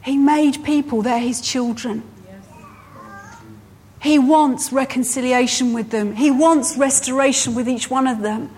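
Woman, preacher, sermon, high voice, slow and emphatic, repeats phrases. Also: steady tone, a little mellow, breathy edge.

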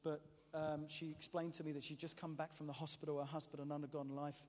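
A man shares his testimony from the front of a church hall, his voice sitting a little high and trailing off into a long reverb. He tells his story in an animated, self-mocking way, stumbling and restarting as he goes. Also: fast talker, slight background noise. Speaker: preacher giving testimony.

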